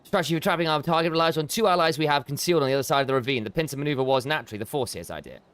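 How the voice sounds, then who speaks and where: A man's voice: fairly high pitch, racing, fairly bright tone, clean tone, dry recording, lightly acted. A man reading game dialogue aloud, voicing a stiff, formal quest-giver briefing an ambush in a put-on accent.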